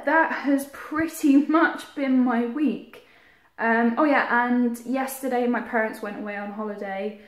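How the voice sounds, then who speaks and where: A young woman vlogging, telling a story in a chatty, giggly, rambling way with lots of fillers. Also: on the high side. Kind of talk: casual storytelling to camera. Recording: roomy echo.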